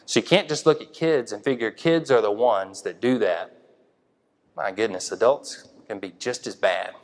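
A man preaching an informal sermon in a conversational way, thinking aloud with many fillers and restarts. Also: mid-range voice. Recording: long hall reverb.

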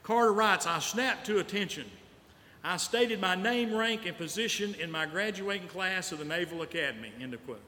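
Male pastor, storytelling sermon, a little high-voiced, in a church hall with long reverb. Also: lively intonation, normal speed, bright, forceful tone. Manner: storytelling preacher, repeats lines for emphasis. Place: church sanctuary.

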